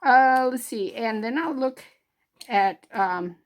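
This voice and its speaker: A woman's voice: fairly high pitch, takes it slowly. A middle-aged woman from northern New York, hosting a jewelry crafting vlog in a homey, rambling way with many fillers. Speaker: jewelry crafting channel host.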